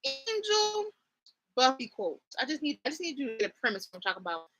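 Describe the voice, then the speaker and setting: A young woman hosting a casual commentary vlog, animated and slangy, laughing often and slipping into mock accents. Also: high voice, fairly quick. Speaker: host.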